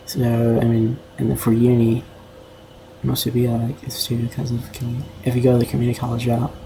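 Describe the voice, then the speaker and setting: A man's voice: medium pitch, completely flat delivery, fast, creaky, noisy background. Rambling young male streamer. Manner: rambling and self-conscious, heavy filler words. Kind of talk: casual livestream commentary.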